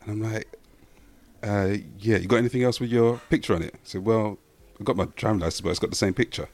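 A man telling an anecdote in a dry, steady way in a casual chat. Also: lowish voice, quick pace.

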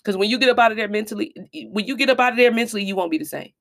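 A woman's voice: a little high, very fast. A woman in her thirties hosting a podcast, telling her own story in a candid, emphatic, confessional way and talking straight to her listeners. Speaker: podcast host. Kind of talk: candid personal storytelling monologue.

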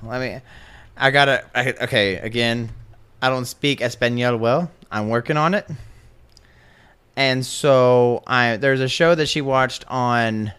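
A man co-hosting a casual podcast chat, telling animated, profane stories. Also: mid-range voice, a little slow, clear, resonant tone. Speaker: podcast co-host.

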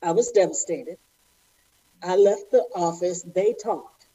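A middle-aged former ballerina from Houston, Texas tells her story as an interview guest, animated and acting out the voices of people she quotes. Her voice is fairly low and husky, her pace unhurried, and the audio poor.

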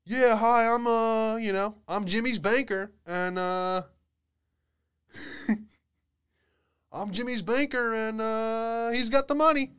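A man mimicking a male swindler pretending to be a cheerful bank officer over the phone, talking high and stumbling. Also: takes it slowly, long pauses, fairly bright tone, clear, resonant tone, heavily acted. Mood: fake cheerful. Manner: high, eager, stammering. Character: swindler faking a chipper banker, man.

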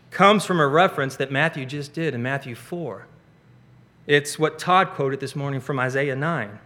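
A man delivers a sermon with earnest, emphatic conviction, hammering key words as he works through a passage. His voice sits a little high and rings bright and forceful. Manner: earnest, emphatic expository preaching with repeated phrases. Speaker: preacher.

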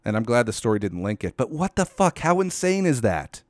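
A man rants alone in a profane, sardonic, incredulous tone. His voice sits at a mid pitch and sounds dry and close. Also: sing-song, fairly quick, a little mellow, no room sound. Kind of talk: solo commentary rant.

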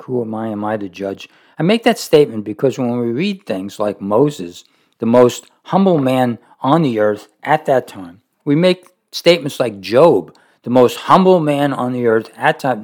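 A man's voice: mid-range voice, a little mellow. Earnest man reading a devotional aloud. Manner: earnest and reflective, pausing often. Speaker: devotional book reader.

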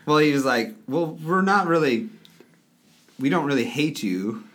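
A man co-hosting a podcast in casual chat, halting and restarting his sentences as he explains. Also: a little high, lively intonation, fairly bright tone. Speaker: podcast co-host.

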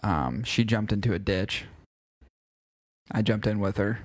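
A man's voice: on the low side, measured pace. A young man co-hosting a podcast, telling a long rambling story in casual chat and leaning on "like" between phrases. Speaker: podcast co-host.

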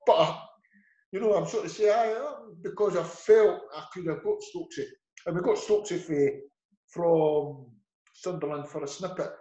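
A man's voice: sits high, moderate pace, warm tone, muffled recording. Man, middle-aged, Edinburgh Scottish accent, football manager guest, rambling anecdotal storyteller, echoey room. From Scotland. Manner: rambling storyteller acting out quoted dialogue. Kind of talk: casual interview anecdotes.

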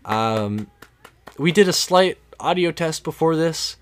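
A man's voice: on the high side, lively intonation, slow, clean tone. A man hosting a podcast in casual late-night chat, rambling and reflective, restarting his sentences, a few drinks in. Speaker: podcast host. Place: cabin in the woods.

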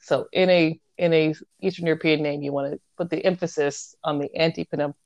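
A woman's voice: deep voice, fairly even intonation, brisk, darkish tone, no echo, lo-fi sound. A woman co-hosting a podcast in casual, playful chat, often laughing. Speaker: podcast co-host.

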